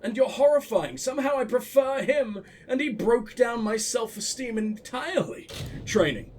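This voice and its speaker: A man's voice: very high-pitched, expressive, moderate pace, a little mellow, slight background noise. A man giving casual, profane, sarcastic commentary while playing a video game. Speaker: let's play host.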